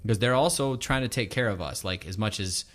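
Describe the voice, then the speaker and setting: Man, host, low voice, quick pace, reflective, casual chat. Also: a bit bright. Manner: reflective, thinks aloud with many "like" fillers. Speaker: podcast host and stay-at-home dad. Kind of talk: casual conversation.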